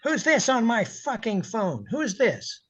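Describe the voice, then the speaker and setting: A man's voice: very high-pitched, very animated, measured pace, fairly bright tone, slightly rough, pitched above the performer's own voice, exaggerated voice. A man barking as a cursing, irate old station boss. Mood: bullying. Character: irate older male radio station owner, profane bully.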